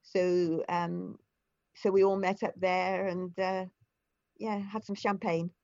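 A woman's voice: fairly low pitch, level tone, slow, a little mellow, muffled recording. An older woman, a guest in an interview, telling stories in a chatty way and often restarting her sentences. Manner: chatty storyteller with frequent restarts and fillers. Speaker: interview guest, former foster carer. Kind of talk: conversational interview.

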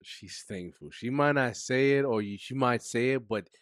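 A man speaking as a podcast guest, telling a personal story candidly in casual slang, his voice sinking soft and low at the painful parts. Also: moderate pace, no room sound, clean studio sound. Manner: emotional, drops to a soft low voice when recounting hard moments; casual slang-heavy speech.

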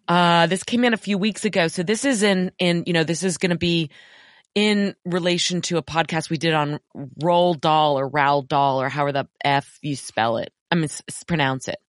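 A wry, blunt woman co-hosting a podcast and reading listener letters aloud with her own asides. Her voice sits on the low side. The sound is dry and close to the mic. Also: brisk, no echo. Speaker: podcast co-host.

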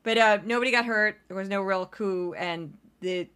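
A woman's voice: medium pitch, moderate pace, a bit bright, clean tone. An American woman hosting a casual solo podcast, chatty and rambling, laughing often into a home microphone. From United States. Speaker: podcast host.

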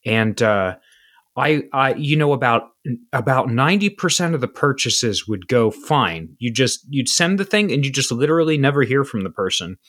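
A man's voice: mid-range voice, big pitch swings, moderate pace, fairly bright tone. Rambling man telling a story. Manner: rambling storytelling with fillers, easy agreement. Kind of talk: casual chat.

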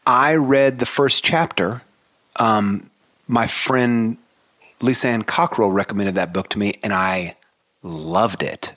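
Low-voiced hesitant male co-host. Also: slow pace, a bit bright. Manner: thoughtful, hesitant, self-deprecating. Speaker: podcast co-host. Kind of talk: casual book podcast chat.

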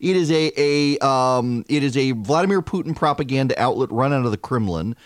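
A forties man hosts his talk radio show in a wry, animated way. His mid-pitched voice sounds close and dry. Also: a little fast, dry recording. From Louisiana. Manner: animated, wry, with frequent fillers. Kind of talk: opinionated talk radio monologue.

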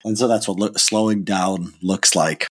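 A man's voice: low voice, fairly even intonation, normal speed, breathy edge, dry recording. A man with a sick-sounding voice, talking in a casual, hesitant monologue as a commentator, with many restarts and fillers. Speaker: political commentator.

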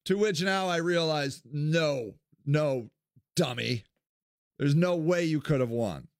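A man's voice: moderate pace, clear, resonant tone, dry recording, studio quality. A man from Ohio giving a candid solo monologue as a podcast host, blunt and swearing freely. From Akron, Ohio, US. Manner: blunt, swears freely, animated swings in pitch.

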